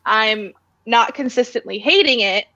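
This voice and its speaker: A woman with a high, bright voice chatting on a book podcast. She delivers blunt, dry opinions with a sarcastic edge. The talk stays loose and casual. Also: a little slow, lo-fi sound. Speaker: book club podcast co-host.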